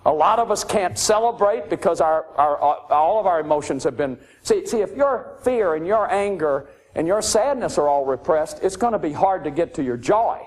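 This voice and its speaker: A man's voice: sits high, lively intonation, moderate pace, few pauses. A man lecturing on addiction and recovery, emphatic and repeating his key phrases.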